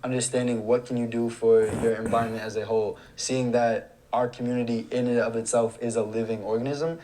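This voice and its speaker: Young man on a debate panel, quick-talking and articulate, mid-pitched. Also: flat delivery, dark tone, slight background noise. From United States. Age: young adult. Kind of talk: thoughtful debate talk.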